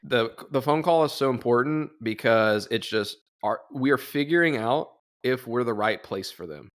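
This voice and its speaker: A man's voice: mid-range voice, expressive, moderate pace. A young man co-hosting a podcast, chatting casually and acting out phone calls with his clients as he tells stories. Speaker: podcast co-host.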